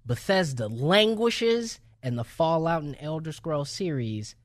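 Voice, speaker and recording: A man's voice: fairly high pitch, expressive, unhurried, dry recording, studio quality. A man hosting a gaming podcast in casual chat, joking and rambling a little. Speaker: podcast host. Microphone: studio mic.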